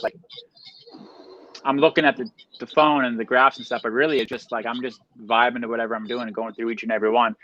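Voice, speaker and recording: Energetic man on a call, from Canada. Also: mid-range voice, lo-fi sound, a little hiss or hum. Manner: energetic, loose slangy talk, many fillers. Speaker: guest, reseller. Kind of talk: casual interview chat.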